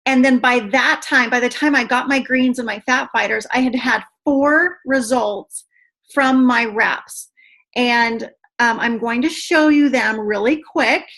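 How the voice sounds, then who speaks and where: Chatty, excitable woman on a video call. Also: on the high side, a little slow. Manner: chatty and excitable, says "you guys" a lot. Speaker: team trainer. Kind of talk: online video call training.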